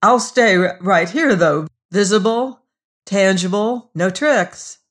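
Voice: medium pitch, takes it slowly, fairly bright tone, pitched above the performer's own voice. A narrator voicing a smug man who bargains with the devil, in a pushy, self-satisfied storybook reading.

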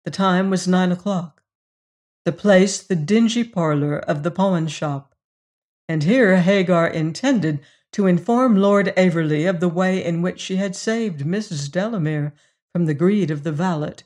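An audiobook reader giving scripted narration of a Victorian novel in an even, measured way. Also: mid-range voice.

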